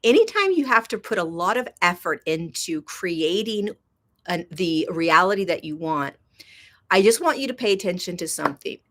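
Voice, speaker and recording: Casting note: woman, livestream host, lowish voice, chatty and warm-hearted with viewers, drifts between hushed and excited. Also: normal speed. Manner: chatty, greets viewers by name, swings from soft to excited. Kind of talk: casual spiritual livestream talk. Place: indoors in Kenya.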